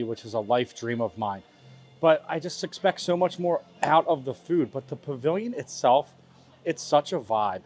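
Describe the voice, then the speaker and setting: A young man hosting a casual food review vlog outdoors at a festival, complaining in a playful, dramatic way. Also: mid-range voice. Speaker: vlog host. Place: outdoors at a theme park festival.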